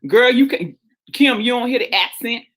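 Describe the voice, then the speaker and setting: A woman's voice: on the high side, expressive, normal speed, a crowd in the background. A woman with a Southern US accent hosting a casual chat, talking freely and calling everyone "girl.". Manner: chatty, calls everyone girl. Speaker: host.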